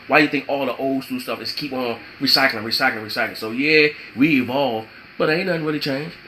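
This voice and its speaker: Man, bright tense voice, preachy vlogger type, emphatic and repetitive, faint background hiss. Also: medium pitch, poor audio. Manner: emphatic and repetitive, with spiritual asides. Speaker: vlogger giving relationship advice. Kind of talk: preachy motivational talk.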